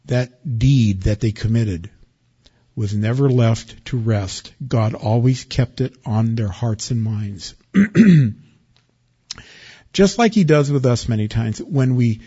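A man preaching a sermon with lively swings from loud excitement to quiet warning. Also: medium pitch, slow, husky, highs cut off. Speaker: pastor.

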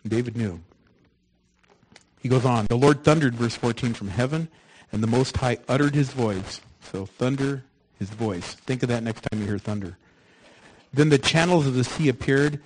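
A man preaching a sermon, moving from loud, emphatic lines to soft, hushed ones. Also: mid-range voice, moderate pace, a little hiss or hum, rough recording.

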